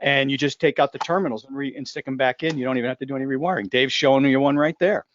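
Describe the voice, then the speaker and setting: A man's voice: medium pitch, fairly even intonation, racing, a bit bright, muffled recording, slight background noise. A man hosting a casual live discussion, talking in a joking, rambling way full of asides and restarts. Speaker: host.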